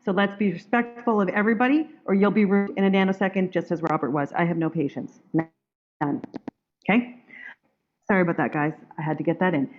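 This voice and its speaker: A woman's voice: lowish voice, fairly even intonation, fairly quick. Blunt woman hosting a group call. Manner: blunt, firm, rambling with restarts. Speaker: call host. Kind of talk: group video call talk. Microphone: video call. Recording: dull lo-fi call audio.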